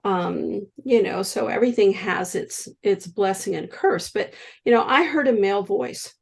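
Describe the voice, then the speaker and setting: This sixty-something healer, a guest in an interview, relates her stories animatedly and imitates the people she quotes. Her medium-pitched voice is creaky and husky, moving at a normal speed.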